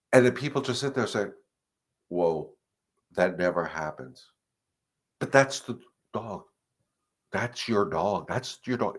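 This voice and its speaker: A middle-aged man, a dog trainer hosting a live question-and-answer session, talking earnestly and emphatically and repeating his points. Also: medium pitch. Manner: earnest and emphatic, repeating points, acting out dogs and owners in quick asides. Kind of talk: live-stream advice talk.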